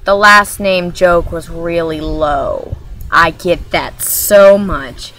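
A woman's voice: on the low side, slow pace, fairly bright tone. A woman from Maryland chatting casually in a vlog, talking in a hyper, rambling way that jumps from topic to topic. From Maryland, USA. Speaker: vlogger.

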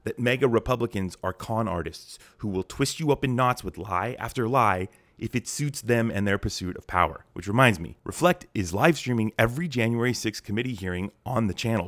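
A man's voice: fairly low pitch, fairly bright tone, dry recording. Sarcastic man narrating political commentary. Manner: sarcastic, mocking.

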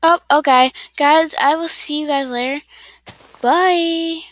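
A woman's voice: sits high, steady tone, normal speed, fairly bright tone, dry recording. A woman streamer chatting casually while playing a game, rambling and talking to her chat.

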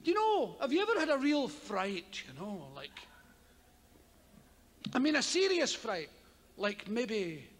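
A Scottish man doing stand-up comedy, telling a story with heavy swearing and loud yelped sound effects. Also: very high voice, unhurried, long pauses. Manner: animated, profane, loud vocal sound effects. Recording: live hall with audience ambience.

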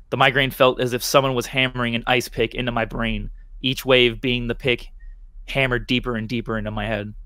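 A man's voice: medium pitch, fairly bright tone, no room sound. A man hosting a podcast, reading a horror short story aloud, sometimes stumbling and restarting. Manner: stumbles and restarts, laughing at slips. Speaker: podcast host.

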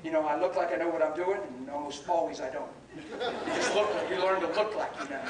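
A man preaching a sermon and telling stories, animated, laughing, and shouting at the peaks. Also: fairly high pitch, quick pace, heavy background noise. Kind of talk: sermon with storytelling. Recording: echoey hall from far off with crowd.

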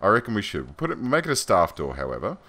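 A man's voice: lowish voice, wildly swooping pitch, racing, bright, forceful tone. An Australian man giving chatty, rambling gameplay commentary as a let's play host, self-deprecating and loose.

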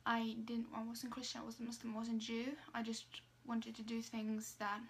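Young woman vlogging, kinda high but really flat, lots of ums and restarts, bit of hiss behind. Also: normal speed. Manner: hesitant, many fillers and restarts, soft asides. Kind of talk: casual personal storytelling.

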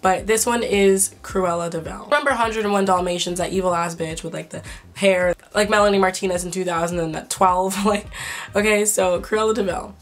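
Excitable young woman vlogger with a sore throat. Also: medium pitch, brisk, soft background music. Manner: excitable, swearing, laughing, incredulous. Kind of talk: casual chat to camera.

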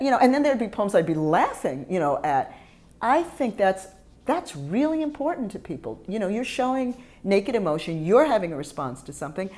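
A middle-aged woman, a former high school teacher, talking casually and with feeling, acting out classroom exchanges. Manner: animated and emotional, acts out classroom exchanges. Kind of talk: casual interview talk about teaching poetry.

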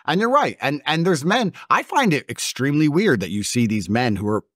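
A man's voice: a little high, very animated, a little fast, fairly bright tone, dry recording, clean studio sound. A man in his thirties speaking as an interview guest, blunt and emphatic, mocking and acting out other people's voices. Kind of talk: combative conversational interview.

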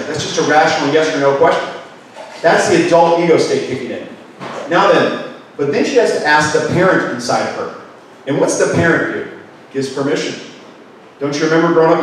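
A man's voice: on the high side, a little hiss or hum. A man giving a live workshop talk, asking his audience many questions. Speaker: workshop speaker. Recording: echoey hall, mic far off.

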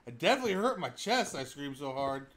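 A young man giving excitable live commentary while he plays a game, laughing and shouting as he reacts. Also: fairly high pitch, fast talker, a little hiss or hum. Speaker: streamer.

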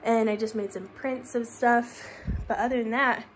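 A woman's voice: fairly high pitch, steady tone, normal speed, slight background noise. Chatty woman on a home tour vlog. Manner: chatty, laughs often, drops to a whisper in a spooky room. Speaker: vlogger giving a home tour. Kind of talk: casual walkthrough vlog. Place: rooms of a home basement.

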